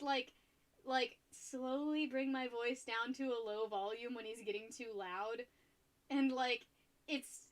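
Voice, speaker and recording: Young woman streaming, high-ish voice, rambly casual chat, laughs a lot, gets loud when hyped. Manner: chatty, laughs often, rambling. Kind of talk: casual chat while painting.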